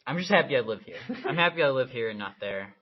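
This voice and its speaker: A man's voice: mid-range voice, expressive, quick pace. Young man, dry teasing podcast banter. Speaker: podcast co-host. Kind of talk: casual chat. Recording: dull lo-fi sound.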